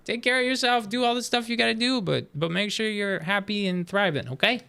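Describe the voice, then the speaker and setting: A man streaming live, chatting casually with his viewers as he reacts to videos, animated and swearing freely. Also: high voice, fairly quick, creaky, smooth.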